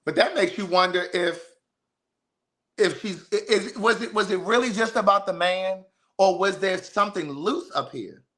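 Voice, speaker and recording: A man hosting a podcast, chatting casually with blunt, animated talk and free swearing. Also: sits high, moderate pace. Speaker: podcast host. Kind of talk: casual chat.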